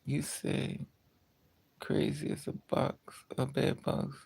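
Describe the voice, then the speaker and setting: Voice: medium pitch, monotone, slow, gravelly, darkish tone, husky. A livestreamer in casual chat with viewers, telling stories bluntly and with lots of swearing, sounding tired and trailing off at times. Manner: profane, blunt storytelling.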